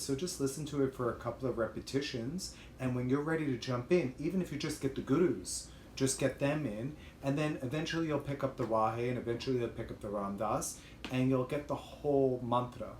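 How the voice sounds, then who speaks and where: A man's voice: medium pitch, darkish tone, echoey room, slight background noise. A man hosting a livestream and teaching a chant, explaining in a chatty way with fillers. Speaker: host and chant leader.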